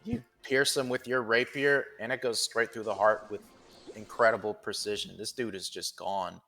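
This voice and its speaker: Bright-voiced male game master. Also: on the low side, normal speed, faint music behind. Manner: lively, profane narration. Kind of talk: narrating a tabletop game.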